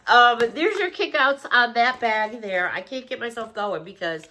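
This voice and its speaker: Woman vlogger, under the weather, higher bright voice, gushing casual haul chat. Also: animated, unhurried, slight background noise. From Chicago. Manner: gushing, chatty, enthusiastic. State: sick, coughing. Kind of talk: casual shopping haul vlog.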